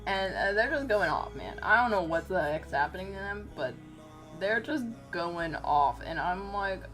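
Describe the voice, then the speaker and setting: Young adult woman streamer, mid-pitched, ranting storyteller with lots of swearing; soft music underneath. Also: animated, normal speed. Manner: profane, exasperated, breaks into laughing squeals. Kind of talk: casual storytime chat.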